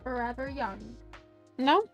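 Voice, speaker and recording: A woman's voice: sits high, slow pace, creaky, a bit bright, soft background music. A woman game streamer chatting casually and self-mockingly while playing, talking to the characters on screen. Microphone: desk USB microphone.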